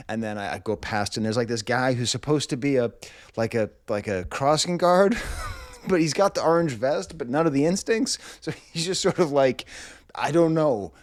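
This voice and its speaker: A man's voice: mid-range voice, a little mellow, dry recording, studio quality. A middle-aged man reviewing music, telling a long story in a rambling, wry way full of comic asides, indoors in a rental house.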